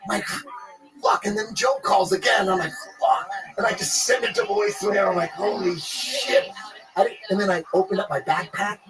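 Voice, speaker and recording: A man telling a rambling, profane anecdote in casual chat, animated and swearing freely. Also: high voice, fast talker, vocal fry, few pauses, poor audio. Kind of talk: casual storytelling.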